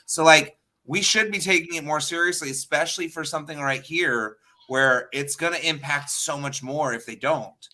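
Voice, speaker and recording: A man from California talks in an animated way on a casual podcast, dropping curse words freely. His voice is bright and sits a little high. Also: normal speed, hardly any pauses. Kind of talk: casual chat.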